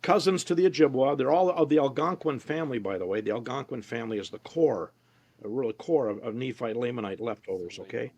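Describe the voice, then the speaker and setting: Gravelly-voiced man telling stories. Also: medium pitch, brisk, darkish tone. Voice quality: gravelly, husky. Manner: storytelling, quoting others in voices. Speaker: interview guest, researcher. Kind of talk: casual conversational interview.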